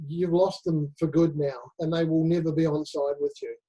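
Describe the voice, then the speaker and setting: A man chatting as a guest on a webinar. His voice is mellow and a little husky, and he talks in an easy, friendly way. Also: on the high side, little pitch movement, normal speed, poor audio. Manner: friendly, laughs easily. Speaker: webinar guest, security trainer. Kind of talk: casual webinar chat.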